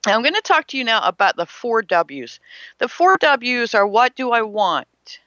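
Bright-voiced spiritual teacher. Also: mid-range voice, very animated, normal speed, no room sound. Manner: emphatic, asks rhetorical questions, acts out imagined people. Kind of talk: motivational spiritual talk. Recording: slightly muffled, dry.

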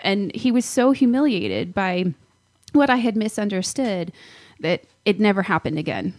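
A woman's voice: mid-range voice, big pitch swings, moderate pace, darkish tone. A woman hosting a casual talk show, telling a personal story in an earnest, reflective way. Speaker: host. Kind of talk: casual chat.

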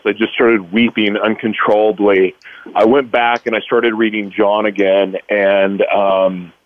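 A man's voice: on the low side, dry recording. A man, a radio show guest, telling an emotional personal story, acting out his past self and stammering through restarts. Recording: dull lo-fi radio broadcast.

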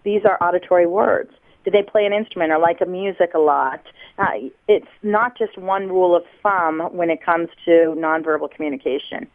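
A woman from the United States, a body language expert, explaining on a radio show in a lively teaching tone over the phone. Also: lowish voice, moderate pace. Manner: lively teaching tone, acts out examples. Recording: tinny phone line.

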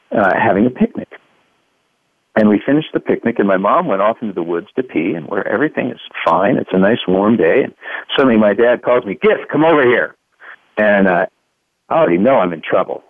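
A Kentucky-raised man in his fifties tells a story from his childhood as a radio guest. His voice rises and falls in a lively way as he acts out the people in it. It comes through a thin, phone-like line with no room sound. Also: fairly low pitch, no room sound. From Louisville, Kentucky, USA. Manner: animated storyteller, acts out quotes. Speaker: guest author.

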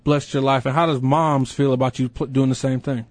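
Laid-back male sports radio host, mid-pitched, joking and easygoing. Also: steady tone, dry recording. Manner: easygoing, joking, quick to laugh. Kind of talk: casual sports talk radio.

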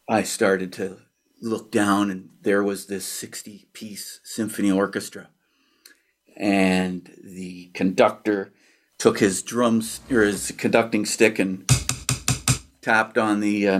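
Animated Canadian man telling a childhood story. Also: fairly low pitch. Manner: animated storyteller who acts out quotes and sound effects, with pauses and fillers. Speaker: guest, author and percussionist. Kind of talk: storytelling in a podcast interview.

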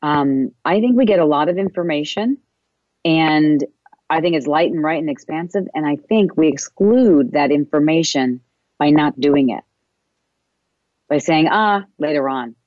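A wellness coach giving a casual spiritual self-help talk, meandering along with frequent pauses and fillers. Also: medium pitch, darkish tone, no echo. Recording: dull, muffled recording.

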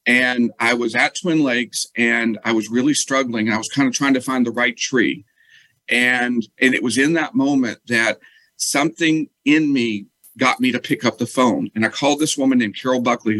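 A man, a guest telling his personal story in an interview, earnest and halting with frequent restarts. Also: medium pitch, fairly even intonation, a bit bright, dry recording, rough recording.

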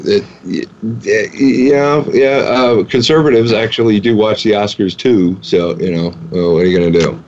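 A man co-hosting a talk show who speaks in a hesitant, halting way with many restarts. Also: lowish voice, darkish tone, lo-fi sound. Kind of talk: casual chat.

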